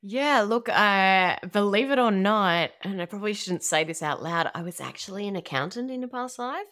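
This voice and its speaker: A woman's voice: mid-range voice, animated, moderate pace, fairly bright tone. A woman with an Australian accent, a podcast guest talking in a chatty, easygoing way. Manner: chatty, laughs easily. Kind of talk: casual interview chat.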